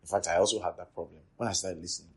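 Husky-voiced male preacher, emphatic. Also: low voice, steady tone, very fast. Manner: repetitive, emphatic, swings from loud to quiet. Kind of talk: sermon teaching.

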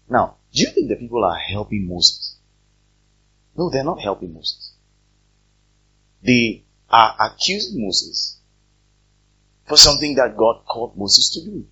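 A man preaching as a pastor, his voice slightly husky and mid-pitched, reading scripture before addressing the congregation directly. He swings from measured reading to loud, emphatic peaks, often questioning his listeners. The recording is dull and lo-fi. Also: animated.

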